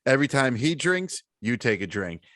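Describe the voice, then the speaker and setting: A man co-hosting a podcast, telling stories in animated casual chat. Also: mid-range voice, moderate pace, no room sound, clean studio sound. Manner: laughing, animated storytelling. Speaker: podcast co-host.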